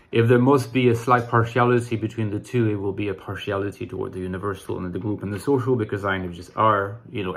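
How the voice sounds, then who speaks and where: Male channel host, solo explainer; measured, thoughtful delivery with the odd restart. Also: lowish voice. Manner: measured, reflective, with occasional restarts.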